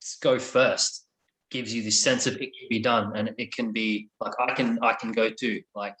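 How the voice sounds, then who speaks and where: A man's voice: lowish voice, flat delivery, moderate pace, a bit bright, low-quality recording. Earnest man reflecting in an interview. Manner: earnest, reflective, swears casually. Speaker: interview guest. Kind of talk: candid storytelling conversation.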